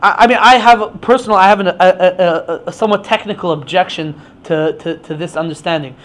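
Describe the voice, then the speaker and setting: A man's voice: sits high, a little fast, a bit bright. A man teaching an informal Torah class, explaining with many stammered restarts.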